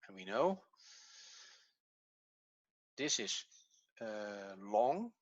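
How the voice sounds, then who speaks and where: A man's voice: fairly low pitch, very animated, drawn-out words, no echo, highs cut off. A man teaching an evening language class, patiently explaining step by step and thinking aloud as he works. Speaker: Hebrew teacher.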